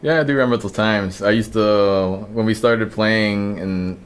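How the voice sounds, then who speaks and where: A man's voice: fairly low pitch, fairly even intonation, a little slow, clean tone. A young man guesting on a podcast, rambling casually with lots of "like" and "I mean". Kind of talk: casual chat.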